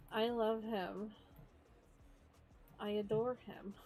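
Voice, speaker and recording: A woman's voice: fairly high pitch, a little slow, long pauses. A young adult woman streaming as she draws, chatting casually in a gushing, playful, slangy way. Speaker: streamer drawing live. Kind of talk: casual live-stream chat.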